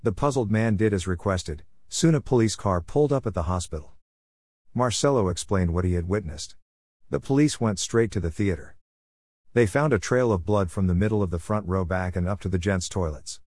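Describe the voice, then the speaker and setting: A man reads a story aloud in a steady, plain way. His voice sits low, and the recording is close and very dry, with no room sound. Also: moderate pace, dry recording. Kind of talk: storytelling narration.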